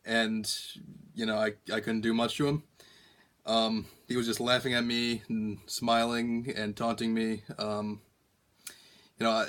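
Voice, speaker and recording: A young man telling a long story on a prank call in a halting, deadpan way, full of ums and restarts. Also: on the low side. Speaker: prank caller.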